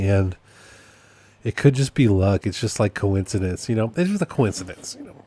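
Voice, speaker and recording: A podcast host who also works as a process server gives a casual solo update in a fairly low, warm voice. He rambles, seems amused at himself, and often repeats his points.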